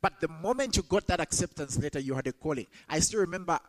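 A man's voice: on the high side, animated, quick pace, low-quality recording. Man preaching with rising emphasis. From Zambia. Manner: emphatic, rises sharply when quoting scripture. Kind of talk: sermon.

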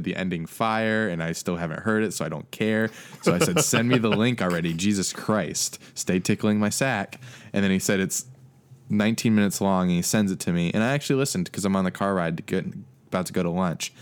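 Young man, low clear voice, wry storyteller, casual chat. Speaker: podcast co-host.

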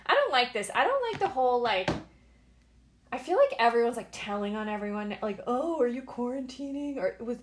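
Woman host, late 30s, blunt and defiant, slightly high voice, solo podcast at home with faint noise. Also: expressive, brisk. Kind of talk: casual solo podcast rant.

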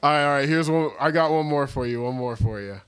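A young man co-hosts a laid-back chat podcast, talking fast in a smooth, mid-range voice. He rambles and jokes, frequently starting his sentences over.

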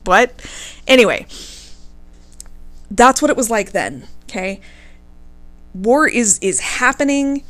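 A woman hosting a podcast, retelling a story in a casual, animated way, indignant and swearing freely. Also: on the high side, slow, long pauses. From United States.

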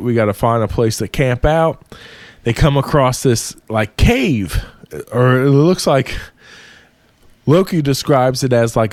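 A man casually retelling an old myth to a friend, swearing freely and getting animated. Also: mid-range voice, dry recording. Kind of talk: casual storytelling.

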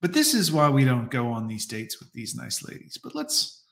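A man's voice: mid-range voice, wildly swooping pitch, normal speed, creaky, fairly bright tone, echoey room. Sarcastic man riffing on a stream. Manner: mocking, sarcastic, addresses chat. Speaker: streamer reacting to a dating video. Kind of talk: sarcastic live-stream commentary.

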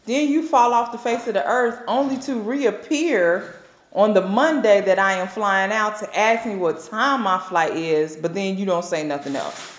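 A woman, co-hosting a podcast and telling a lively story with plenty of laughter. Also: medium pitch, moderate pace, lo-fi sound. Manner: animated storytelling, laughs often. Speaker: podcast co-host. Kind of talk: casual chat. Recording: echoey room.

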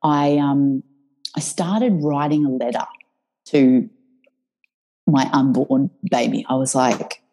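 A woman, a podcast guest telling a personal story in an emotional, animated way. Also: a bass voice, slow, pauses often, rough recording. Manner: emotional, animated, swears freely.

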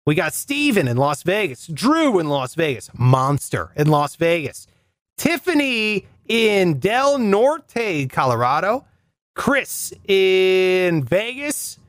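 A male podcast host with a naturally high voice, talking in a loose, chatty way as he thanks listeners. His pitch swings up and down a lot. The recording is close and dry, with no room sound. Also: big pitch swings, slow, no room sound. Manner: chatty, reading listener shout-outs. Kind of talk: casual podcast outro.

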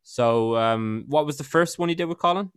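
A man's voice: on the high side, moderate pace, clean tone, dry recording, studio quality. A man hosting a podcast, asking questions in a casual, hesitant way with many fillers. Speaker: podcast host.

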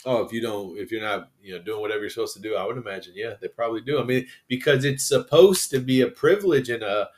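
A man's voice: fairly low pitch, fast talker, hardly any pauses. A man hosting a podcast, telling rambling, profane stories in casual chat. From Louisville, Kentucky. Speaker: podcast host.

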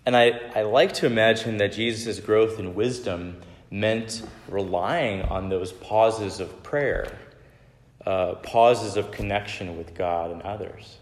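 A man in his thirties delivers a sermon built on personal stories, checking in with "right?" as he goes. His voice sits a little low and moves at an unhurried pace. The recording is roomy, with a long hall reverb. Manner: conversational, frequent "right?" tag questions. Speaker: pastor.

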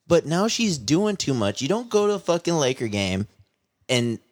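A man's voice: fairly high pitch, very animated, normal speed, dry recording. A man co-hosting a podcast, talking in blunt, crude and mocking casual banter. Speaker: podcast co-host.

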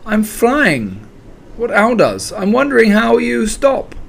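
A man voicing a kindly, simple-minded male bear who talks in a gentle, musing way. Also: fairly high pitch, very animated, normal speed, a little hiss or hum.

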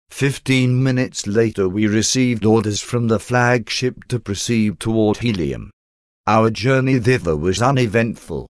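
A man reading first-person adventure narration in a formal, measured storytelling manner. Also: lowish voice, no echo, clean studio sound. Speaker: audiobook narrator.

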